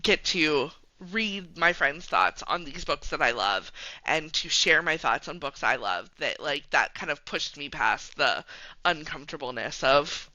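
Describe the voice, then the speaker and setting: A woman's voice: sits low, lively intonation, a little slow, bright, forceful tone, dry recording. A woman hosting a podcast in a casual chat, giggling and laughing often. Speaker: podcast host. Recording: dull lo-fi dry sound.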